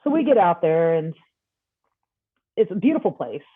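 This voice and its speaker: A woman guest on a podcast, telling a personal story in a casual, animated way and acting out the dialogue. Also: on the low side, moderate pace, husky, dry recording. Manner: animated, acts out quoted dialogue. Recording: tinny phone-like line.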